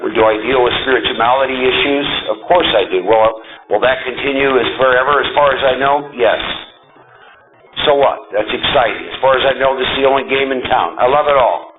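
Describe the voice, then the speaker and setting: A man giving a talk to a recovery group, emphatic and animated, often checking in with the audience. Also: mid-range voice, brisk, phone-quality sound, background noise. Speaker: recovery meeting speaker.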